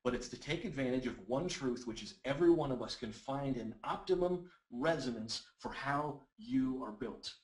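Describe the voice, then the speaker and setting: A man presenting a live webinar, teaching voice exercises with energetic, encouraging talk and reading out audience comments. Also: mid-range voice, normal speed, hardly any pauses. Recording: roomy echoey webinar audio.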